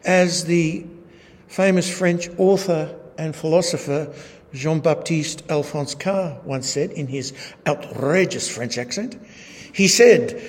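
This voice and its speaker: A man's voice: fairly high pitch, slow. A man teaching a sermon from slides, talking in a wry way with rhetorical tag questions. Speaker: Bible teacher. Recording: echoey hall.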